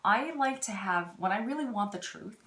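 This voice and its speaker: A woman hosting a live stream, talking gently and rambling about spirituality, with many restarts. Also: mid-range voice, lively intonation, moderate pace. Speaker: intuitive reader and live-stream host. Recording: roomy echo.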